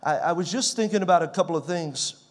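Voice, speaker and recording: A pastor in his forties preaching a sermon in a conversational way, swinging from loud to soft. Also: on the high side, fast talker. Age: 40s.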